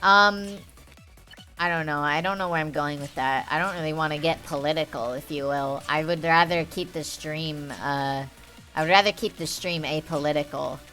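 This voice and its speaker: A young woman rants at her stream chat in a bright, edgy voice that sits a bit low, swearing freely and trailing through fillers. Faint game music plays underneath. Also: moderate pace. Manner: profane, heated, rambling with many fillers. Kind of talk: rambling live-stream chat.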